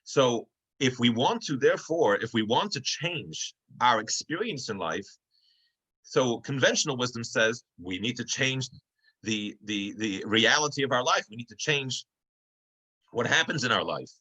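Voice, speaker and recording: A man's voice: medium pitch, animated, measured pace, pushed and bright, breathy edge, low-quality recording. A man teaching a class over a video call, telling a story in a conversational way with many fillers and restarts. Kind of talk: online class storytelling lecture.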